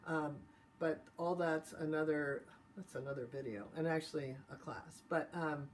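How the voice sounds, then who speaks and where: Woman calmly guiding a tapping exercise. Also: deep voice, normal speed, slight background noise. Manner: calm step-by-step guidance. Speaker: tapping instructor.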